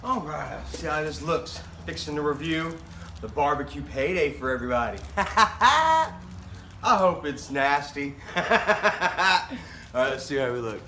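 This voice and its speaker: Man, casual vlog, high voice, bright tone, keeps laughing, cusses a lot. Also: lively intonation, unhurried, a little hiss or hum. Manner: laughs often, swears freely, rambling anecdotes. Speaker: vlogger.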